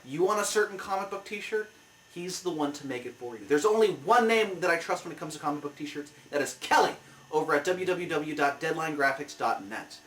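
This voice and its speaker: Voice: mid-range voice, animated, fairly quick, fairly bright tone. Exasperated comic-review host, ranting. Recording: roomy, mic at a distance.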